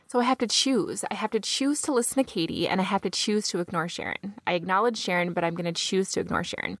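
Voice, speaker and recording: A woman's voice: medium pitch, big pitch swings, fast, few pauses, a bit bright, no room sound. A woman hosting a podcast, talking straight to her listeners in an earnest, encouraging monologue. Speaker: podcast host.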